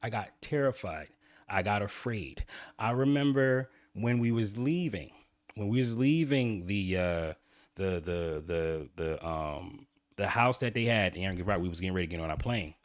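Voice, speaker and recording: A man's voice: low voice, normal speed, no echo, clean studio sound. A man hosting his own channel, candidly telling a personal story in a rambling way with frequent restarts. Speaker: channel host.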